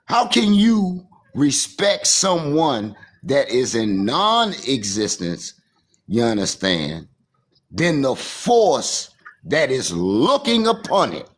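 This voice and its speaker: With a breathy edge and a medium, wildly swooping pitch, a D.C.-accented man talks slowly on a remote call. He rambles through a repetitive, preachy spiritual monologue, regularly asking "you understand."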